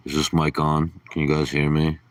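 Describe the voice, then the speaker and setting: A man's voice: extremely low pitch, little pitch movement, normal speed, no room sound, far from the mic. Sarcastic ranting man on a stream. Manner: sarcastic, profane rambling rant. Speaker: livestream host. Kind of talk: casual ranting livestream.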